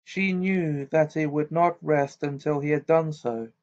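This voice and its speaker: Haughty ghost lady, stiff and bitter, a bit higher up, man reading her, dull lo-fi audiobook sound. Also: fairly even intonation, unhurried, darkish tone. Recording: dull lo-fi recording.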